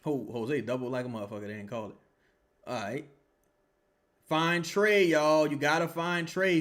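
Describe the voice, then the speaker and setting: A man's voice: fairly high pitch, normal speed, long pauses. A man hosting a casual live stream, reacting to a basketball game with profane, heckling commentary and reading viewer comments aloud. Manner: profane, animated, heckling players. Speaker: sports livestream host.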